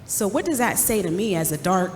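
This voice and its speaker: A woman's voice: medium pitch, expressive, a little fast, a little mellow, slight background noise. A young woman speaking earnestly and with emotion about her own experiences as a panel speaker. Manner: earnest, emotional, voice rising as she grows upset. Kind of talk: personal testimony. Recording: reverberant hall with faint ambience.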